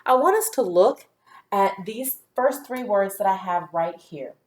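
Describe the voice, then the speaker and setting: A woman teaching a phonics lesson to young children in a patient, clear teacher voice, sounding out letters one by one. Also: mid-range voice, expressive, measured pace, a little mellow.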